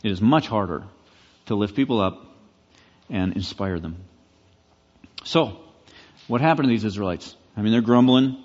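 Lively preaching man in a hall. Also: fairly low pitch, normal speed, long pauses, muffled recording. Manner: conversational, animated preaching with rising emphasis. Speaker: pastor. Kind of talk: sermon.

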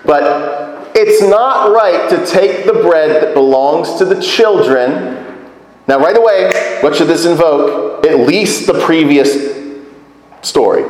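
A man's voice: fairly high pitch, slow pace. A man preaching a sermon in a conversational, emphatic way, full of rhetorical questions. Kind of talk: sermon teaching. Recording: echoey hall.

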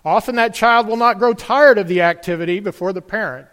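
Man preaching in church; earnest, questioning delivery, high-pitched, ringing reverb. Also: fairly quick, a bit bright. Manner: earnest, rhetorical questions to the congregation. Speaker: pastor. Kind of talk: sermon.

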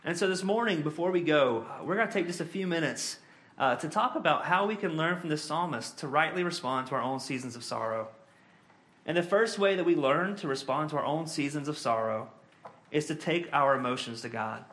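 A man preaching a sermon as pastor, earnest, reading scripture slowly and talking it through with frequent fillers. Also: a little high, animated, fairly bright tone.

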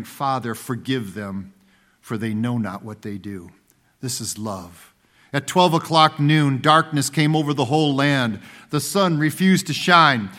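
A man preaching a sermon, slow and emphatic, with dramatic pauses and swings between loud and hushed delivery. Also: on the high side. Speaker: pastor.

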